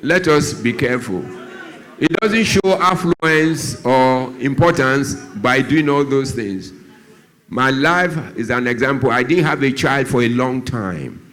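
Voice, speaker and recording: A man's voice: animated, slow pace, a bit bright. A Nigerian man, a doctor who speaks on drug abuse, gives a church talk. He tells stories and acts out the voices of the people in them. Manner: storytelling, acts out dialogue, shifts pitch a lot.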